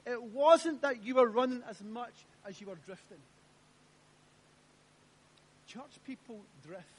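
A man preaching a sermon in church, emphatic and repeating his phrases while asking the congregation questions. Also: very high-pitched. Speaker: pastor.

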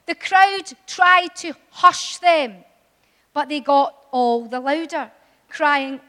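A woman preaching a sermon in a church, impassioned and building to loud, emphatic appeals. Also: sits high, takes it slowly. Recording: long hall reverb.

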